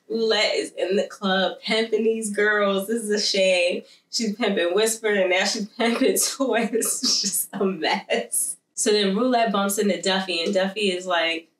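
A woman's voice: mid-range voice, a bit bright. A woman chatting casually as she recaps a TV episode, telling it like a story and acting out the characters' lines. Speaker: show recap vlogger. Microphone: wireless mic. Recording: echoey room, mic at a distance.

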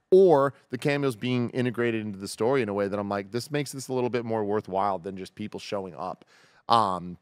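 A man co-hosting a casual movie review podcast, talking with animated enthusiasm and getting loud on the high points. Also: clean tone, dry recording, clean studio sound. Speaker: podcast co-host.

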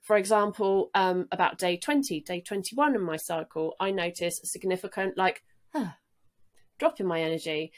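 A woman guest talking in an earnest, easygoing way, now and then laughing lightly. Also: mid-range voice. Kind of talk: casual interview talk.

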